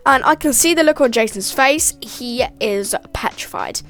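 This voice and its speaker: A teenage girl chatting through a storytime vlog in a high, bouncy voice that swings all over the place. She piles on "like" and slips into little acted-out lines of dialogue. Faint music plays behind her. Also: lively intonation, moderate pace, few pauses, a bit bright. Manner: chatty, full of "like", acting out dialogue.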